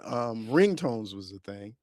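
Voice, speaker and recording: A man hosting a casual podcast, telling stories with lots of laughter and animated delivery. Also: lowish voice, slow pace, dry recording, studio quality. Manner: animated storyteller, laughs a lot. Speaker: podcast host. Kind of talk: casual chat.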